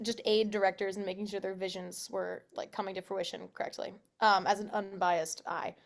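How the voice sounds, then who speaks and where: A young woman talks freely as an interview guest, her voice sitting at an ordinary middle pitch for a woman. She laughs often, drops filler words and lets a swear slip now and then. The delivery is relaxed, unscripted chat. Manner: chatty, laughs often, swears, says "like" a lot. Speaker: actress guest.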